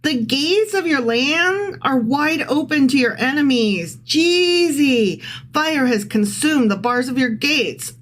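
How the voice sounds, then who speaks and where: Figure: sarcastic taunting prophet, put on by a woman. Pitch: pushed very high. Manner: shrill, exaggerated, mocking. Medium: podcast reading. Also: expressive, takes it slowly, fairly bright tone, full character voice.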